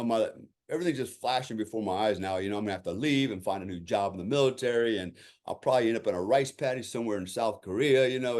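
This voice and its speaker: A man in the middle of his pitch range tells a story from his military past as a podcast guest. He talks in a loose, conversational way, slipping into the voices of the people in the story. He keeps checking in with "you know" and "right?" as he goes. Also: a little mellow. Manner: vivid storyteller who acts out quoted lines.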